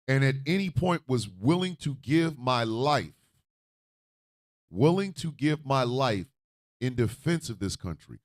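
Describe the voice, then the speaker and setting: Male radio host, profane emphatic ranter, high animated voice, bone-dry close sound. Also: dry recording. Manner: loud, profane, emphatic, swings from shouting to low mutters. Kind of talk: animated political rant.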